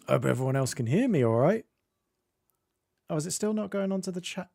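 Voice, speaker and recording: A man's voice: on the high side, lively intonation, brisk, creaky, pauses often, dark tone, dry recording. A man chatting casually with viewers at the start of a live stream, greeting them by name and rambling a little. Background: faint game music.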